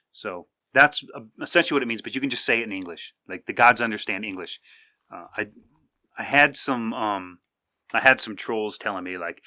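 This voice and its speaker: Guy doing a podcast solo, bright tense voice, kinda low, dry close sound, rambly w lots of uhs. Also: brisk, no echo. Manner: rambling, conversational, with many fillers and restarts. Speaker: podcast host. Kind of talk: casual monologue. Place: indoors, sitting with coffee.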